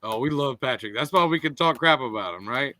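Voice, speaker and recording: A man co-hosting a casual talk show, upbeat and quick to laugh. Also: medium pitch, animated, sharp tone. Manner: upbeat, laughs often, reads sponsor lists. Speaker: podcast co-host. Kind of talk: casual chat.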